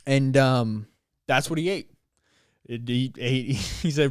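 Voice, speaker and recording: A young man, hosting his podcast and talking in a rambling, animated, slangy way. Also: medium pitch, takes it slowly, smooth, no room sound, studio quality. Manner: rambling, animated, slangy, with playful put-on voices. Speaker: podcast host. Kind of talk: casual solo podcast monologue.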